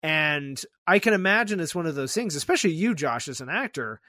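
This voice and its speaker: A young adult man hosting a podcast, talking in a casual, animated way with a fair bit of swearing. His voice sits a little higher than most men's. The sound is close and dry, with no room around it. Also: fairly quick, dry recording. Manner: animated retelling, swears freely. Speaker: podcast host. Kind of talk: casual chat.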